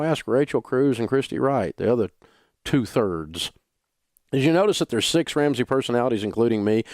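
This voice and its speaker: A man's voice: fairly low pitch, a little mellow, no echo, studio quality. An older man with a Southern US accent, a radio talk show host delivering a folksy, blunt, emphatic monologue. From Southern United States.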